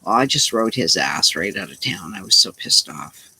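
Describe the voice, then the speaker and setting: A woman's voice: a bass voice, lively intonation, moderate pace, bright, forceful tone, husky, low-quality recording. A middle-aged woman who is unwell, telling a long, rambling, indignant story in a casual vlog and acting out her own lines. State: unwell, tired. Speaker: vlogger.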